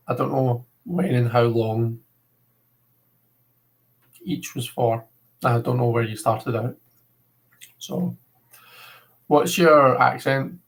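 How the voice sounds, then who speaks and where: A man's voice: mid-range voice, vocal fry, low-quality recording. Chatty Scottish man streaming live. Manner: rambling, chatty, many filler words. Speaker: livestream host. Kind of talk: casual livestream chat.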